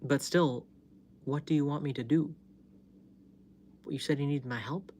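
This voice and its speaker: A man's voice: on the high side, steady tone, a little slow, a little mellow, a little hiss or hum. Chatty man telling a story on a live stream. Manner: chatty, laughs often, swears freely. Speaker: livestream host. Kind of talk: casual storytelling livestream.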